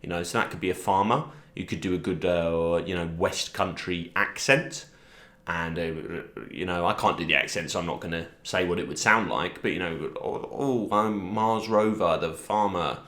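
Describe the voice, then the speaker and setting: A young man rambling through a deadpan, self-deprecating comic monologue, pitching silly character ideas. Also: normal speed. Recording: roomy echo.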